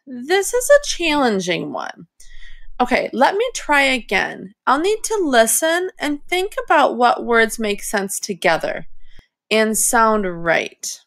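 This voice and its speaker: A woman's voice: on the high side, very animated, slow pace. A woman teaching young readers, thinking aloud as she models reading a story in phrases. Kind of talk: reading lesson for children.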